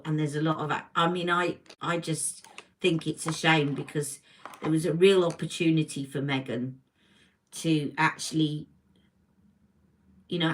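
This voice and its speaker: A British woman talks unhurriedly as she does her makeup live from home, rambling between products and greeting viewers. Her voice sits a little low but has a bright, forward edge. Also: low-quality recording. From Britain. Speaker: beauty livestream host. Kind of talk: casual live makeup chat. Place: home room. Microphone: livestream camera mic.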